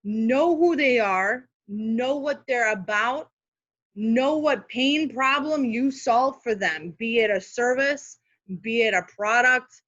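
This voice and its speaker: A woman's voice: on the high side, slow, fairly bright tone, dry recording. Chatty woman on a dull call line. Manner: chatty, practical, many fillers and asides. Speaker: guest speaker, social media manager. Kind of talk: casual teaching on a live video call. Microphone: video call.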